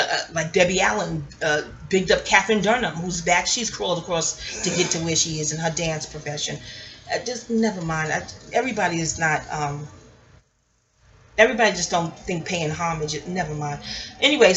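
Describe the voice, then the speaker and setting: A woman talks through a long personal story in a bright, forceful voice. She wanders off on tangents and keeps circling back with sharp rhetorical questions. It feels like an unscripted audio-only vlog. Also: medium pitch, poor audio. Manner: chatty, digressive, asks pointed rhetorical questions. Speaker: vlogger. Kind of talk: rambling personal monologue. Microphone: audio-only home recording.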